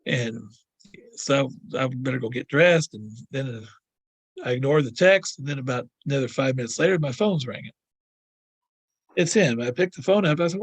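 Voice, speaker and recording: A man's voice: a little high, lively intonation, normal speed, pauses often, breathy edge, no echo. An older man, a podcast guest, telling a long story in a rambling way, repeating words and acting out the people he quotes. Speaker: guest sharing encounter stories. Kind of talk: casual storytelling.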